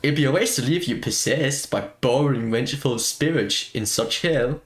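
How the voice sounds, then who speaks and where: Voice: mid-range voice, normal speed, roomy sound, natural voice. A player voicing a swaggering cowboy wolf matriarch from a game, in a put-on American accent, reading the dialogue aloud. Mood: mocking.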